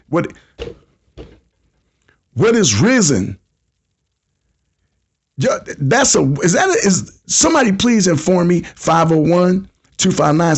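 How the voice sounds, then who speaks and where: A man in his fifties hosting a casual call-in podcast, telling stories in heavy slang and acting out the people he quotes. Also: a little high. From United States. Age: 50s. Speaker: podcast host.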